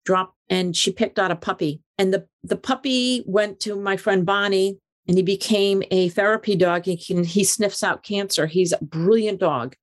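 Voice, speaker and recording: Guest: older woman, animated storyteller, mid-pitched, repeats herself as she goes. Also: moderate pace, hardly any pauses. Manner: animated, repeats words and restarts often. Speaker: interview guest. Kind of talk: emotional personal storytelling.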